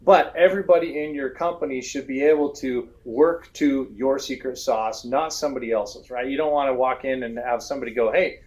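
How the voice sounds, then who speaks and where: Animated man telling customer stories. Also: mid-range voice, brisk, few pauses. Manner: animated storytelling, acts out customer voices. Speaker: guest, roofing software expert. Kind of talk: conversational business interview.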